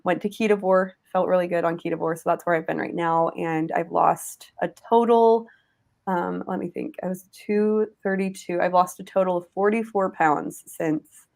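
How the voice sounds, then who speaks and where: A woman's voice: fairly low pitch, vocal fry, a little mellow. A woman co-hosting a casual livestream, telling her own story in a loose, rambling way. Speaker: livestream co-host.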